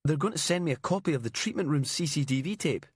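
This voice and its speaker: A man's voice: a little high, animated, fast talker, breathy edge, dry recording, studio quality, pitched above the performer's own voice. A man voicing a cheerful television cameraman who talks in an upbeat, breezy way. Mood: gleeful.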